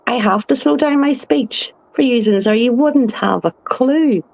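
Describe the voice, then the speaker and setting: A woman in a casual group chat, a fast talker who slows her speech down on purpose. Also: on the high side, creaky, darkish tone, no room sound. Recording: dry, dull lo-fi sound.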